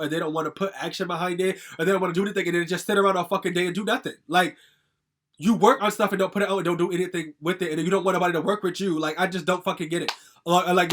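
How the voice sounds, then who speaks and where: A young man vlogger rants quickly and angrily through a personal story, speaking straight to his viewers in casual storytime style. His voice sits high for a man and is a bit bright, and he swears freely and fills his talk with likes and ums.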